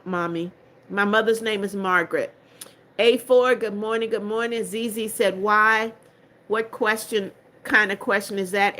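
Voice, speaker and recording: A woman's voice: mid-range voice, a bit bright. An older woman with a congested voice, hosting a livestream and answering viewer comments one by one in a chatty, blunt way. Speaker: livestream host. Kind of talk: reading viewer comments aloud.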